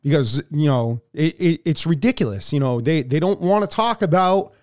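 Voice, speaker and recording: Heated, profane man, fairly high voice. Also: expressive, normal speed, a little mellow. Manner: profane and heated, with stumbling repeats. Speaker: podcast co-host. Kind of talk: casual political podcast chat.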